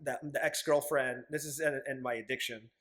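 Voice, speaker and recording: A young man in his twenties talks as a guest in a casual interview. His voice sits at an ordinary middle pitch. He tells his stories candidly, swears freely, and acts out the things he once said. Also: steady tone, normal speed, a bit bright. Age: 20s. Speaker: podcast guest.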